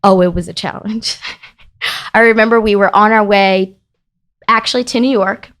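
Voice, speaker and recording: A woman guest on a podcast, telling a personal story in casual conversation with emphatic, animated delivery. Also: medium pitch, moderate pace. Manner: emphatic, animated, rising into heated retelling. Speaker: podcast guest, business founder.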